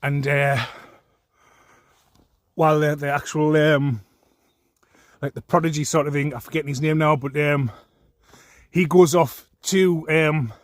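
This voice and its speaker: A man's voice: a little high, no echo. A man in an angry, profane monologue, mocking his critics and laughing at them.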